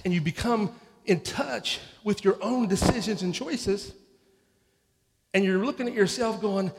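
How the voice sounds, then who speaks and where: High-voiced pastor preaching in a reverberant hall. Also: male voice, moderate pace, slight background noise. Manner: conversational preaching with repeated restarts and acted-out inner voices. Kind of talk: sermon.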